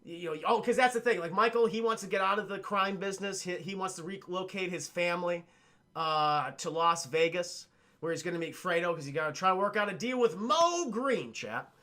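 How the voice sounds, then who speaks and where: A man on a casual livestream, retelling a film scene by scene in a rambling, profane, animated way and talking to his chat. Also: sits high, fairly quick. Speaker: streamer reviewing a film with chat.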